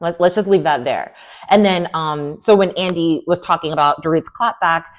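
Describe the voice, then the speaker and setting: A young woman with a sassy, animated manner, giving an opinionated recap of a reality TV show. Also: on the low side, normal speed. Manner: animated, sassy, lots of "like" and "girl". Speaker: recap vlogger.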